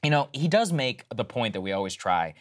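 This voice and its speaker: Guy cohosting a politics show, mid voice, sarcastic, gets loud n high when he makes a point. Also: big pitch swings, a little fast. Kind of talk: opinionated political commentary.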